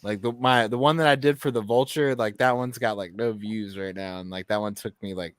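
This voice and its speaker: A man's voice: lowish voice, steady tone, fairly quick, no echo. A man co-hosting a casual livestream chat, rambling with lots of "like" and laughing often.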